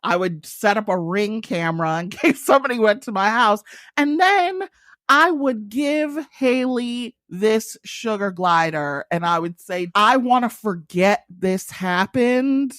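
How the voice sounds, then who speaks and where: A woman's voice: mid-range voice, expressive, a little slow, a bit bright, no echo. A woman guest on a podcast, chatting casually with dry comic asides and frequent laughter. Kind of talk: casual chat.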